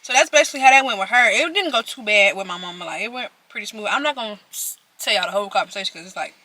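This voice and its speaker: A woman's voice: mid-range voice, very fast. A young adult woman telling a chatty story to her viewers while eating, talking straight to the audience. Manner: chatty, animated, addresses viewers directly. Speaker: vlogger.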